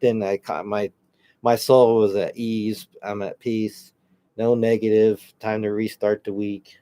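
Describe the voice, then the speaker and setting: A man co-hosting a paranormal podcast, chatting in a relaxed way, laughing often and reading out listener comments. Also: on the low side, unhurried. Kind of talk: casual chat. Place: home studio.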